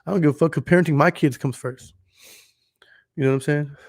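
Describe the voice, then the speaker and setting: A man's voice: on the high side, quick pace, dry recording, studio quality. A young man from Dallas, hosting a podcast in casual chat, telling stories with lots of swearing and acting out what people said. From Dallas, Texas. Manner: animated storytelling, profane, acts out quotes. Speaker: podcast host.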